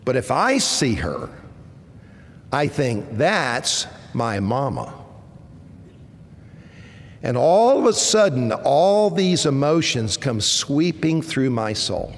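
A man in his fifties preaching a sermon, earnest and measured, his voice swelling at points of emphasis. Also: a little high, sing-song. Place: church sanctuary. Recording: long reverb of a church hall.

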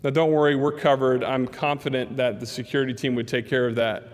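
A man's voice: medium pitch, a little fast. A man preaching a sermon as a pastor, telling stories and acting out the voices in them. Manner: animated storyteller acting out quotes. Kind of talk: sermon storytelling. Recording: long hall reverb.

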